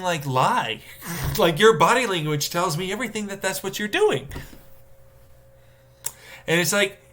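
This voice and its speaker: A man live-streaming a casual rant, swearing and exasperated, mocking others with sudden high-pitched outbursts. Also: expressive, a little fast, fairly bright tone.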